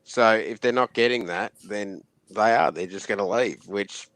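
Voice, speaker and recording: A man on a panel, calmly reasoning things through in casual chat. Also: on the low side, normal speed, no room sound, poor audio.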